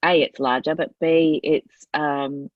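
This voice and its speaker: Low-voiced Australian woman, casual chat. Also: fairly even intonation, slow, dry recording. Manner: thinks aloud, agreeable, with frequent fillers. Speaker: podcast co-host. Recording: dull lo-fi sound.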